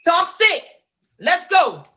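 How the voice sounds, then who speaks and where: A woman runs a group guessing game in a loud, playful, bossy way. Her voice sits high and sounds bright and sharp. She keeps pushing the players to answer before time runs out. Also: sing-song, slow. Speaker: game host. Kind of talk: hosting a group game show.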